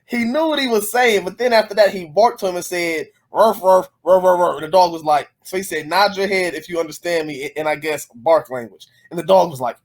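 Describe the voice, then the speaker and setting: A man's voice: sits high, a little fast, few pauses. A man co-hosting a podcast, joking and swearing while questioning a movie's plot. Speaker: podcast co-host. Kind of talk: casual chat.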